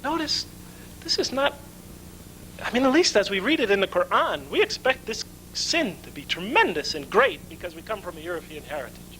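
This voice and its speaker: High, bright-voiced male lecturer. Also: big pitch swings, normal speed, slight background noise, low-quality recording. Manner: asks rhetorical questions and answers them himself. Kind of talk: conference lecture.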